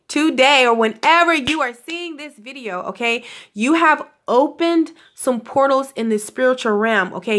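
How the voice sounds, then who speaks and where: A woman spiritual guidance vlogger gives her viewers a casual pep talk, gushing affectionately, calling them honey and laughing often. Her voice is fairly high and a bit bright.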